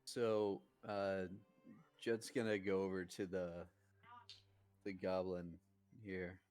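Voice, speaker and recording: A man's voice: sits low, level tone, takes it slowly, a little mellow, smooth, soft background music. A man playing a tabletop game, chatting casually in character with frequent restarts. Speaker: player.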